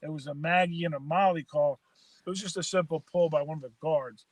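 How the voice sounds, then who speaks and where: A man with a high voice tells old football stories over a call from his car. He laughs as he goes, swears freely and trips over repeated words. The sound is dry and close, with almost no room. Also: steady tone, brisk, dry recording. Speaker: former quarterback guest. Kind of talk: casual sports chat.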